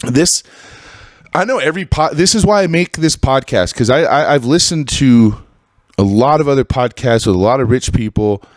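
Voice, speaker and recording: A man in his thirties hosting a solo podcast, ranting with constant swearing and jumping into high, exasperated outbursts. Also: expressive, moderate pace, no echo, clean studio sound. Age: 30s. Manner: profane, ranting, swings into high exasperated bursts. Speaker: podcast host.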